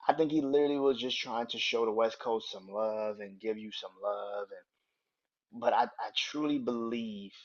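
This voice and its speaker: A man's voice: lowish voice, moderate pace, muffled recording. Blunt, profane man ranting on a podcast. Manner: blunt and profane, swings into loud incredulous rants. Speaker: podcast host. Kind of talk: casual opinion podcast.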